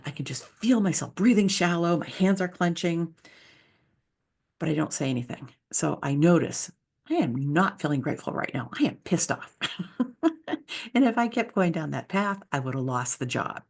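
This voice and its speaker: A woman's voice: deep voice, lively intonation, normal speed. A woman who is a leadership speaker and author, giving an enthusiastic, conversational presentation with slides.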